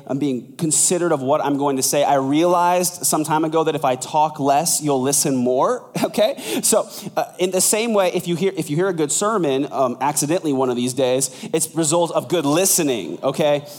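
A man preaching a sermon as pastor, conversational and lively, acting out quoted voices. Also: big-room sound. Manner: animated, acts out quoted voices with big pitch jumps.

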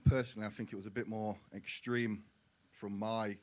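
A man giving his personal testimony in church, earnest and halting. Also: lowish voice, level tone. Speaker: guest sharing his testimony. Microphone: handheld mic.

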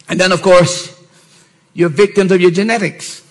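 A middle-aged man, a pastor, preaching a sermon and often rising to shouted emphasis with mocking put-on voices. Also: sits high, fairly even intonation, moderate pace, rough recording.

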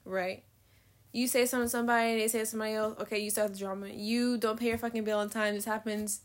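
Quick-paced and steady in tone, the fairly high voice belongs to a nineteen-year-old hosting her own casual podcast solo. Rambling and filler-laden, she swears without restraint, laughs at herself, and mentions a slight lisp.

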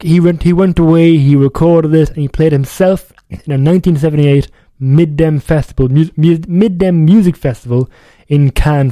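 A man's voice: a little high, dark tone, no echo. A young man hosting a music radio show, chatting casually in a rambling way and often correcting himself. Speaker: radio DJ host.

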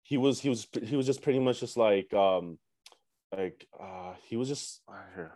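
A young man from Canada, a musician telling a story in a relaxed, slangy chat full of fillers. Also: lowish voice, moderate pace, a crowd in the background. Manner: laid-back slangy talk with many fillers and profanity. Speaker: musician guest.

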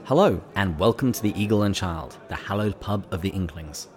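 A man co-hosting a casual podcast chat, wry and playful in a relaxed way. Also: deep voice, fairly quick, some chatter behind. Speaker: podcast co-host.

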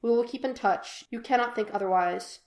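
A woman voicing a reserved, formal young man who speaks in measured, precise phrases, in an echoey room. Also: fairly high pitch, darkish tone, lightly acted. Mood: earnest.

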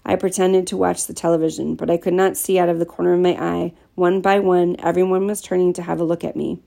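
A woman reads a first-person story aloud, steady and plain in her telling. Her voice sits low and is heavily gravelly, with a dark, mellow tone. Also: quick pace. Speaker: audiobook narrator.

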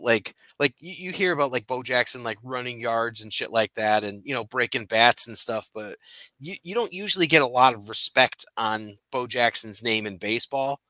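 Male podcast co-host, bright tense tone, dry close mic, loose profane rambling chat. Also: mid-range voice, no echo. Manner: laughing, profane, rambling with restarts. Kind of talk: casual chat.

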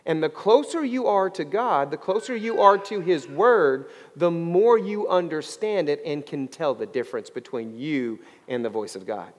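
A male pastor delivering a sermon, drawing out scripture readings slowly and pressing his points to the congregation. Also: long reverb tail. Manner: preaching with lively swings in pitch, slowing down on scripture readings.

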